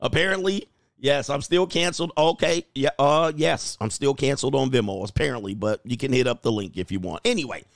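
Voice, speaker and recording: A man hosting a casual livestream, reading viewer comments aloud, animated and laughing, with loose swearing. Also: mid-range voice, brisk, creaky, dry recording, clean studio sound. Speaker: livestream host reading chat.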